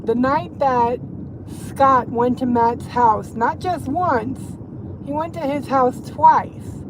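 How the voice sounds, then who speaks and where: Driving and livestreaming from inside her car, a woman gossips in a voice that sits high, speaking at a slow pace. Her talk is profane and rambling, punctuated by laughter, with road noise in the background.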